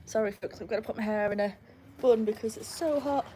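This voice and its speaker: Hosting a live stream with her dogs by the pool at home, this young woman from England and Wales has a slightly high, fairly quick voice over a little hiss or hum. Chatty and responsive to viewers, she lets out loud woohoos for the dog, with the pool pump and soft outdoor ambience in the background.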